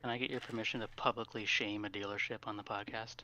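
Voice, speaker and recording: A man co-hosting a podcast, cracking jokes in casual chat. His voice is bright and forceful. The recording is a little dull and lo-fi. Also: on the low side, flat delivery, fast.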